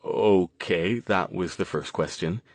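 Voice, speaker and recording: A man's voice: sits low, slow pace, no room sound. A male narrator voicing an earnest young man who speaks urgently, close to his own voice.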